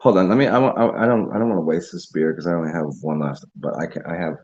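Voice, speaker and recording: A man's voice: low-pitched, lively intonation, fast, a little mellow, lo-fi sound. A man hosting a casual livestream, rambling, laughing and chatting with viewers over a beer. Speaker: livestream host.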